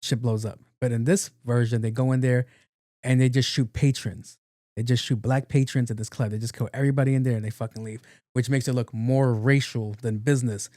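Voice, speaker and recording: Mellow-voiced man in casual podcast talk. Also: mid-range voice, steady tone, a little fast, dry recording, studio quality. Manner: loose, slangy, profane retelling. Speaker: podcast host. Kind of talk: casual film recap storytelling.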